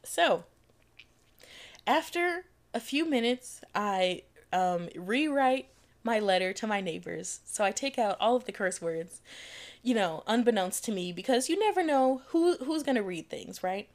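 A young adult woman hosting a podcast, telling a story in a casual, animated and profane way, laughing often mid-sentence. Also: medium pitch, a little slow. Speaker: podcast host.

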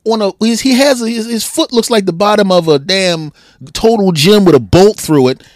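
A man guest on a podcast, telling stories in casual sports banter, animated and full of restarts. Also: high-pitched, moderate pace, no echo, studio quality. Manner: animated storyteller, frequent restarts, laughs at own jokes.

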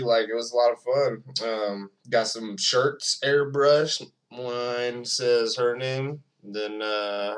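A man's voice: mid-range voice, a bit bright. A man hosting his own podcast, rambling alone in a profane, self-mocking casual monologue. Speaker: podcast host.

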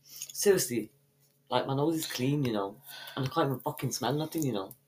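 A young woman co-hosting a podcast, all brash teasing and constant swearing in slangy street talk. Her voice swings up and down a lot, lively and animated. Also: a bass voice, brisk, slight background noise. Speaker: podcast co-host. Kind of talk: casual banter.

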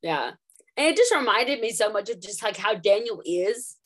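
Animated and a bit bright, this young woman's medium-pitched voice moves at an ordinary pace. As a podcast co-host she chats casually, wandering off on tangents and using lots of filler words.

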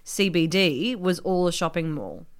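Chatty Australian woman, low-pitched. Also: expressive, measured pace, smooth. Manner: chatty, anecdotal, laughing often. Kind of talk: casual chat.

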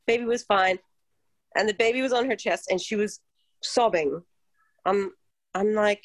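A woman midwife and podcast host telling a work story in an earnest, reflective, lively way. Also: mid-range voice, normal speed, no echo, poor audio. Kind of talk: casual chat, storytelling.

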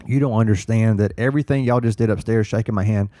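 A man, a firefighter guest, telling an earnest story in casual chat, halting and restarting as he quotes what others said. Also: on the low side, dark tone, no echo, studio quality.

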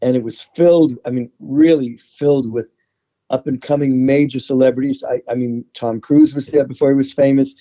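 An older man with a New York accent talks through his memories in a relaxed, chatty way, often restarting his sentences. His voice is very dark and mellow. The recording sounds a little muffled. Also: mid-range voice, moderate pace. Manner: chatty storyteller, repeats words when starting. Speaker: songwriter guest. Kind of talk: interview conversation.

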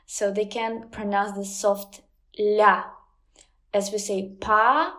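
A woman's voice: medium pitch, level tone, slow. A woman with a Ukrainian accent, a guest in a casual interview, speaking hesitantly with many ums and uhs. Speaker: guest, language teacher.

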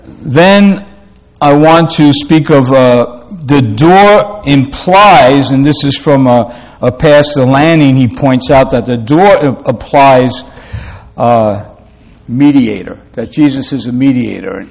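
Slow, halting male preacher. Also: mid-range voice, creaky. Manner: slow, halting delivery with many fillers and restarts. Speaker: pastor. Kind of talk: sermon.

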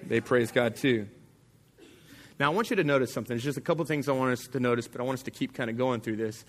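A man's voice: medium pitch, fast. A man pastor preaching a sermon to his congregation in an emphatic, casual and plain-spoken way.

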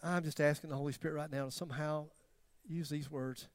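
A man preaching a sermon, swinging between loud emphatic questions and near-whispered tenderness, with self-deprecating humor. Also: a little high, fairly even intonation, brisk, no room sound. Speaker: pastor.

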